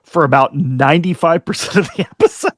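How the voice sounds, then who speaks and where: A man's voice: a little high, brisk, dry recording. Giggly man on a dry-sounding podcast mic. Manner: giggly, laughs often while talking. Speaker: podcast co-host. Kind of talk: casual chat.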